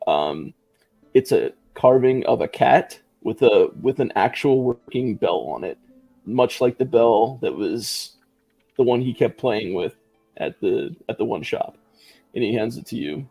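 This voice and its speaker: Gravelly-voiced man narrating game actions. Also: mid-range voice, a little slow, no room sound, faint music behind. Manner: relaxed, describes actions with fillers. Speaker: player.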